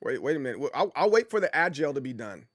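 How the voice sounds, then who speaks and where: Animated, rambling male streamer, dry mic. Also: rapid-fire, no room sound. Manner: animated, rambling, jumps to high-pitched mock voices; frequent restarts and laughter. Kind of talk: casual livestream chat.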